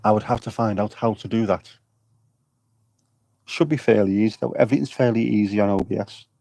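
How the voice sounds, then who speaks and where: A man banters and rambles through a casual livestream, cracking jokes as he goes. His voice sits low and mellow, with a dry, close sound. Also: fairly quick, gravelly, no echo. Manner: jokey, rambling banter with chat. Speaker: vlogger livestreaming at an air show. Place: outdoors at an air show.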